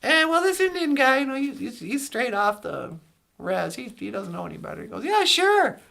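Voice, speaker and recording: A woman's voice: high-pitched, lively intonation, fairly quick, vocal fry, fairly bright tone. A woman telling a long joke story on a live stream in a rambling way, correcting herself as she goes.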